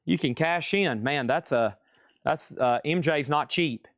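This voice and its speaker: A man hosting a live-streamed record auction, calling bids and sales in a fast, chatty, upbeat patter. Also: a little high, a bit bright, no echo, studio quality.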